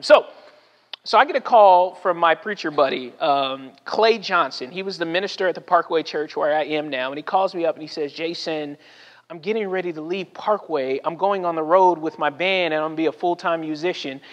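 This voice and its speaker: A man's voice: high voice, fairly bright tone. A man in his forties from Southern California, a pastor preaching a sermon. He tells personal stories, keeps asking "right?" and acts out the people he quotes. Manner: storytelling with frequent "right?" asides and acted-out quotes. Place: church sanctuary. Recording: long hall reverb.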